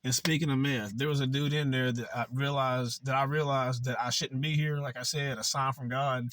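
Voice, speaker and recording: A man's voice: medium pitch, little pitch movement, normal speed, fairly bright tone. A young man vlogging, telling a candid personal story in a blunt, profane, conversational way.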